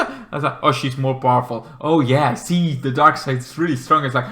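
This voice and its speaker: A man recapping a video game in a rambling, excitable way, swearing often and acting out the characters in big voices. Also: a little high, moderate pace, hardly any pauses, reverberant. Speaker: game reviewer.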